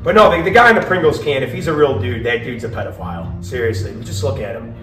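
A profane male stand-up comic, heard from some distance in an echoey live venue. He drops into low mutters, then pushes out loud punchlines, with music playing behind him. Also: animated, fast talker. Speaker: stand-up comedian. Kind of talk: stand-up comedy set.

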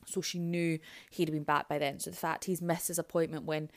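A woman's voice: low-pitched, little pitch movement, a little fast. A young woman hosting a podcast, telling a true-crime story in a casual, chatty way with asides and self-corrections. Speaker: podcast host.

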